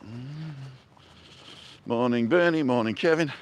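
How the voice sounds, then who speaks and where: Taking it slowly in a mid-range voice, this live-stream vlog host walks outdoors through a town street and park, chatting casually and saying hello to viewers by name. A little hiss or hum sits under the sound.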